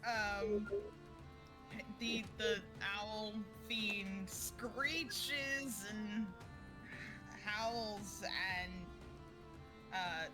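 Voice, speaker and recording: Woman dm narrating real slow, lots of ums, music in the back. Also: medium pitch. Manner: slow, hesitant narration with fillers. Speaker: game master. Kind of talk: narrating a tabletop game.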